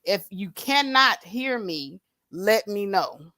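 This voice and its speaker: An adult woman with a grown daughter hosts an unscripted livestream, speaking bluntly, confrontationally, and with heavy profanity into a plug-in mic. Her mid-range voice is expressive, slow, bright, and forceful, with few pauses and clean, echo-free studio sound.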